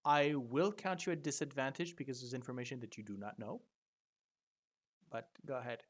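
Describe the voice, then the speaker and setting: A man narrating as game master, halting with many fillers and restarts. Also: medium pitch.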